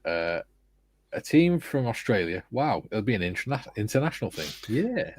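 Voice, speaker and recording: Host reading chat in a lively voice. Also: male voice, medium pitch, moderate pace, slightly rough. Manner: reads chat comments aloud in a matter-of-fact way, dry quips. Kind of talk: live-stream chat.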